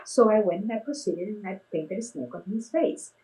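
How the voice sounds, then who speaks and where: Speaking briskly in a medium-pitched voice, this middle-aged face painter and clown shares stories casually. She's animated, raising her voice to act out the quotes, and the recording is rough.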